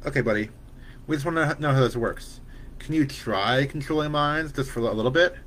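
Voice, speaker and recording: A man reading the part of a worried, loving young mother who speaks gently but firmly to her son. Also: mid-range voice, brisk, a little hiss or hum, voice pushed up, natural voice. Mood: firm, gentle.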